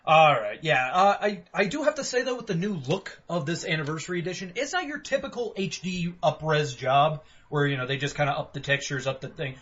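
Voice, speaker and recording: Animated, swearing male game podcaster. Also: fairly high pitch, brisk, hardly any pauses. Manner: animated, swears freely, puts on voices for quotes. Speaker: podcast co-host. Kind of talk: casual game review chat. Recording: dull lo-fi podcast audio.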